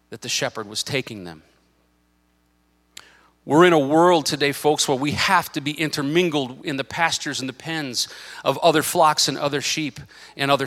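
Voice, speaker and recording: A middle-aged male pastor preaching a sermon in church, animated, swinging between loud bursts and quiet asides, with joking side remarks. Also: medium pitch, big-room sound. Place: church sanctuary.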